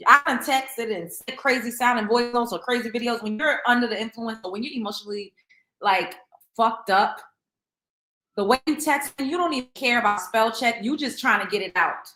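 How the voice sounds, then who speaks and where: A woman's voice: a little high, normal speed, pushed and bright. Emphatic woman host in an echoey room. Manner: emphatic, opinionated, repeats herself for stress. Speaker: show host. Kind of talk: casual celebrity gossip commentary. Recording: roomy echo.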